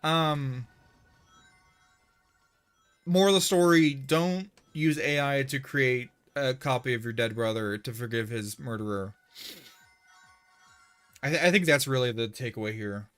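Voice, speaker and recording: A man streaming a video game live, chatting casually in a rambling, excitable way with frequent restarts. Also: mid-range voice, measured pace, pauses often, clear, resonant tone, faint music behind. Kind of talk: casual livestream chat while gaming.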